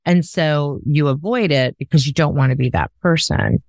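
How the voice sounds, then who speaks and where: A woman's voice: deep voice, normal speed, gravelly, darkish tone, no room sound. A woman hosting a podcast in casual conversation, talking in an emphatic, coaching way. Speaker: podcast host.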